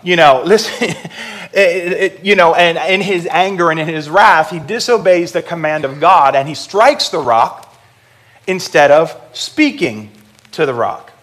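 Man, pastor, sermon, conversational preaching, somewhat high voice. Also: lively intonation, measured pace, a bit bright. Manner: conversational preaching with audience prompts.

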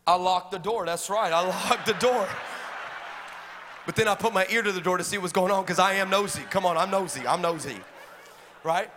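A man preaching a sermon as a pastor, energetic and humorous, often rising to shouts. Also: high-pitched, normal speed. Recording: echoey hall, faint background noise.

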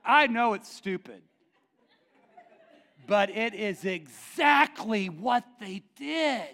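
Animated joking male pastor. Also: sits high, unhurried. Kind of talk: sermon.

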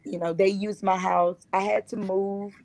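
A woman's voice: mid-range voice, level tone, unhurried, gravelly, darkish tone, no room sound, low-quality recording. Woman guest telling her story earnestly. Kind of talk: personal testimony on a talk show.

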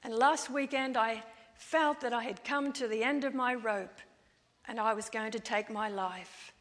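A woman preacher retelling, in first person, the testimony of a lonely widowed woman, told quietly and confessionally. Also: a little high, a little slow. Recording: long church-hall reverb.

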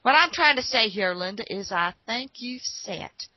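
A woman's voice: a little high, animated, moderate pace, no echo, highs cut off. A woman voicing a kindly, plainspoken father who talks in a drawling, homespun way. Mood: thoughtful. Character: folksy old-fashioned father, plainspoken, kindly.

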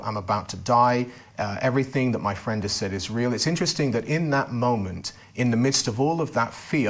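Low-voiced man telling his testimony. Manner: earnest storytelling with frequent restarts. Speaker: interview guest. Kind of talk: personal testimony in an interview.

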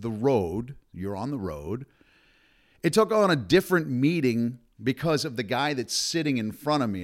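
A man with a fairly low voice hosts a podcast from a hotel room. He tells his stories with animation and plays out the other people's lines. It sounds like casual talk between friends. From New Jersey. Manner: animated storyteller acting out quoted dialogue. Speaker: podcast host. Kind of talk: storytelling podcast chat.

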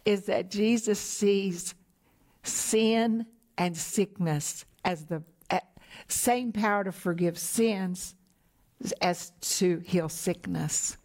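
Middle-aged woman preaching real slow, leans hard on words, drops to a whisper sometimes. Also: mid-range voice, darkish tone. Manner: slow and emphatic, dropping to a whisper for key points. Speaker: minister. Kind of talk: sermon.

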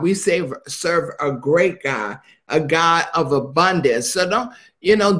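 A man's voice: fairly high pitch, fairly bright tone. A male minister preaching a live-streamed sermon in a call-and-response style, sometimes dropping to a near-whisper.

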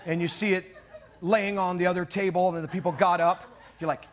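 A man's voice: high-pitched, flat delivery, brisk. Impassioned man preaching a sermon. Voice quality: mock British voice for God's words. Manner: impassioned preaching, rising to shouts. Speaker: pastor.

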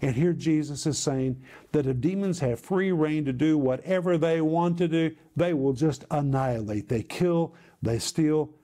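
A man gives preaching-style Bible teaching with a somewhat high yet warm, mellow voice. He leans on emphasis and repeats key phrases to drive each point home. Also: unhurried.

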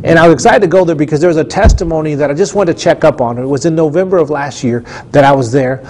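A male preacher with a somewhat high voice tells a testimony in a studio. He speaks earnestly and drives his points home with emphatic repetition. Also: fast talker, a little mellow. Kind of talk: storytelling sermon testimony.

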